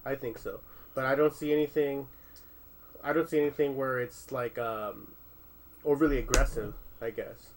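A man talks loosely in a casual discussion at a middling pitch, circling his point with restarts and fillers. He swears now and then and keeps an easygoing conversational flow. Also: steady tone, moderate pace, a little hiss or hum, poor audio.

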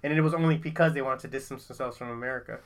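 A man's voice: mid-range voice, racing. A man hosting a casual chat, rambling and loose, laughing often and swearing casually.

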